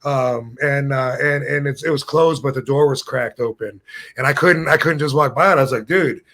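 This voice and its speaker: A man's voice: medium pitch, moderate pace. A man in his fifties hosting a podcast, telling long rambling anecdotes in casual chat. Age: 50s. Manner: rambling, animated anecdotes with put-on voices. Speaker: podcast host. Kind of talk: casual storytelling.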